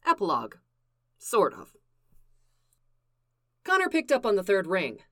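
A woman reading fan fiction aloud in a slow, deliberate narration. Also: medium pitch, wildly swooping pitch, fairly bright tone. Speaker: reader.

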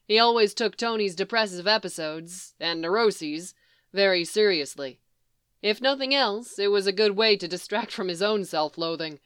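Woman narrator, story reading, smooth clear voice, dry close sound. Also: medium pitch, moderate pace, fairly bright tone, dry recording. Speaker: reader. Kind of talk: reading fan fiction aloud.

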